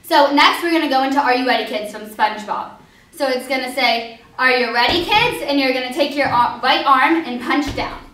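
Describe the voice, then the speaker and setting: A woman's voice: sits high, fairly quick, fairly bright tone. A young woman teaching a line dance step by step, upbeat and counting out the moves. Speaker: dance instructor. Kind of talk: instructional dance walkthrough. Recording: echoey hall, voice from far off.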